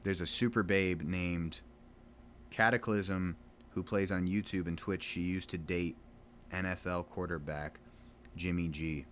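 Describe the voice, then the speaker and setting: Deep-voiced man rambling casually. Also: steady tone, unhurried, fairly bright tone, a little hiss or hum. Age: around 30. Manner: loose, chatty, self-mocking, plenty of fillers. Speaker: gaming vlogger. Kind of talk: casual rambling chat while gaming.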